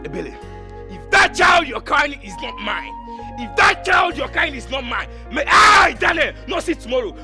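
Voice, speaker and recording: An actor playing a furious man shouting curses and oaths over a pregnancy. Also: very high-pitched, big pitch swings, moderate pace, faint music behind, full character voice. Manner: shouting, cursing. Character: angry lover claiming the child, swearing oaths.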